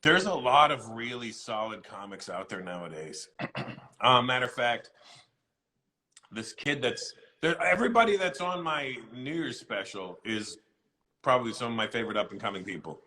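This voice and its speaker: A middle-aged male comedian with a bright, forward voice, chatting casually in an interview. He tells animated stories and acts out the voices of the people in them. His pitch sits in the middle range for a man. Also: moderate pace, poor audio.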